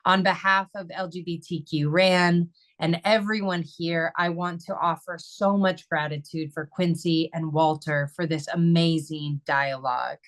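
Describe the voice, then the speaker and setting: A woman with a somewhat low voice hosts an online webinar over a video call. She talks in an upbeat, conversational way as she goes through closing announcements and a donation appeal. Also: fairly even intonation, unhurried, few pauses. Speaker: webinar host.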